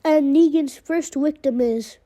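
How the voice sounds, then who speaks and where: A woman's voice: sits high, unhurried, mellow. A woman narrating a fan retelling in a plain, run-on casual way, chaining events with "and then". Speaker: storyteller.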